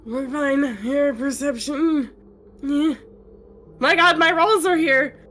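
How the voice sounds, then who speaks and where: Higher-pitched woman tabletop player. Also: takes it slowly, fairly bright tone. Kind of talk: casual tabletop play.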